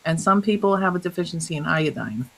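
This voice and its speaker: A woman guest, a health coach, telling stories in an interview, animated and laughing often as she acts out what others said. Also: on the low side, fast talker, creaky, rough recording. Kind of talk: storytelling in an interview.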